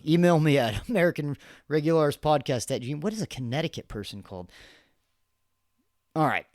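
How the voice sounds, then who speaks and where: In a dry, clean studio recording, a thirtysomething podcast host with a medium-pitched voice delivers sarcastic, rambling political commentary punctuated by laughter and restarts.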